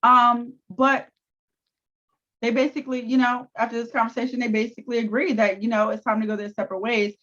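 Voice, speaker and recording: A woman co-hosting a casual review chat, recapping scenes in an animated, profane way. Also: on the high side, a little fast. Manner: animated recapping with acted-out quotes. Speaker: co-host. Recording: dull lo-fi sound.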